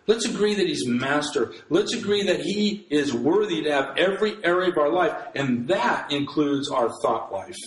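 Earnest male pastor, echoey room. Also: fairly high pitch. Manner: earnest, emphatic, with frequent restarts. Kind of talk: sermon.

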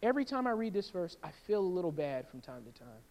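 A man preaching a sermon in a church, in a lively conversational way that keeps checking in with a "right?". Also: high voice, quick pace, in a large hall. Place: church sanctuary.

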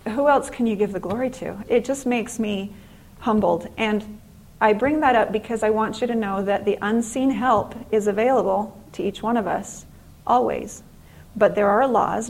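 A middle-aged woman speaking to an audience in an inspirational faith-based talk, telling stories in an earnest, animated way. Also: fairly high pitch, low-quality recording.

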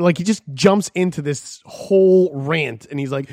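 A man's voice: a little high, very animated, measured pace, vocal fry, dry recording, clean studio sound. A man casually telling a long, profane story on a podcast, acting out the lines of the people in it. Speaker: podcast co-host.

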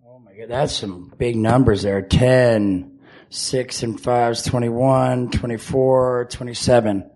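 Slow-talking man calling dice rolls. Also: mid-range voice, steady tone, dark tone. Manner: amused, reading out dice rolls. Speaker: player. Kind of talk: casual banter at a game table. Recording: noisy background with clicks.

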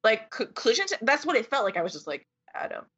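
A woman with a fairly high, husky, slightly bright voice rants about books very fast, her pitch swinging widely. The casual discussion is full of fillers and exasperation, recorded with dull lo-fi sound.

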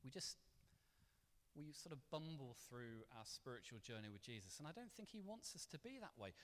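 A man preaching a sermon in a church, conversational and animated with playful asides. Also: mid-range voice, normal speed. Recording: long reverb of a church hall.

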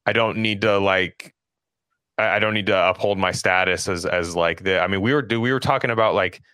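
Lowish-voiced guy ranting on a podcast, swears a lot, keeps restarting, dead dry sound. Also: brisk, pushed and bright, dry recording. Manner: rambling, profane, many restarts and fillers. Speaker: podcast co-host. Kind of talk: casual political chat.

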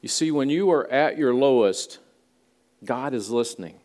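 A man's voice: medium pitch, lively intonation, moderate pace, darkish tone. Guy preaching a sermon in church, easygoing, talks right to the people. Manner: conversational preaching, with folksy asides. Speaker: pastor. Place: church sanctuary.

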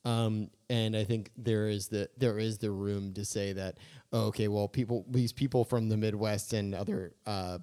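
A man co-hosting a casual comedic podcast, talking in an animated, jokey way and slipping into mocking voices. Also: fairly low pitch, normal speed. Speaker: podcast co-host.

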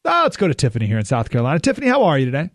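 A man's voice: on the high side, wildly swooping pitch, rapid-fire, no room sound. A man hosting a call-in radio talk show, talking casually with frequent restarts and dry sarcasm. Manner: conversational, restarts often, joking sarcasm. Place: radio studio.

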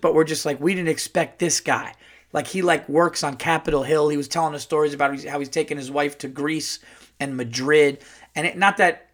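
A male comedian hosting a podcast and telling a long story casually, with lots of fillers and asides. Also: a little high. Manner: animated, rambling, full of fillers.

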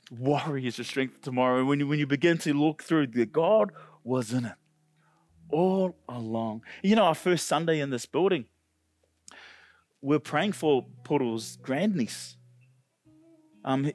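A male pastor preaching a sermon with passion, often climbing to loud, high peaks. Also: no echo. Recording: dry close sound with faint music.

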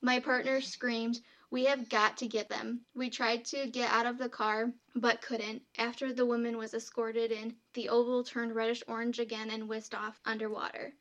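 A woman co-hosting a podcast tells a true story in a casual, chatty way, reading long quotes aloud between fillers. Her voice sits a little high, and her pitch stays quite flat and level. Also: moderate pace, few pauses, dull audio. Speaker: podcast co-host telling the story.

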